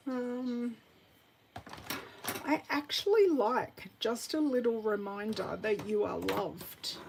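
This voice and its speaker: A woman talks viewers through a card-making demo from her craft desk, unhurried and a touch gravelly. She thinks out loud and breaks into excited little bursts, with a faint hiss in the background. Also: mid-range voice, poor audio. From Australia. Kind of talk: live crafting tutorial chat.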